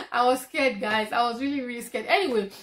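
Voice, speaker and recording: Young Nigerian woman, high-pitched, lively storytime vlogger who laughs a lot. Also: moderate pace. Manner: animated storyteller, laughs often. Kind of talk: storytime vlog.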